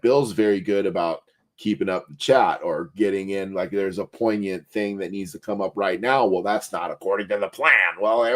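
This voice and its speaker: A man co-hosting a casual chat show, relaxed and thinking aloud. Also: on the low side. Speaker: co-host.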